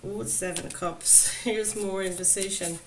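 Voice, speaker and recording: With a medium pitch, fairly even intonation and a moderate pace, a woman reads tarot for her viewers. She comes across as chatty and enthusiastic, laughing often, over faint background noise.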